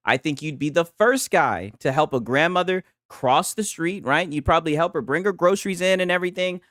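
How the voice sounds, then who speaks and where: A man hosting a stream, giving animated, profane reaction commentary and trash talk. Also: on the high side, a little fast, no room sound, studio quality. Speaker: streamer host.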